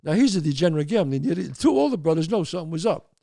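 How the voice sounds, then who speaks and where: A man's voice: fairly high pitch, fast talker, vocal fry, no room sound. Folksy man spinning a yarn, dry sound. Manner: folksy, addresses listeners as folks; animated storyteller with emphatic asides. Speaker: host. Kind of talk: storytelling and advice to listeners.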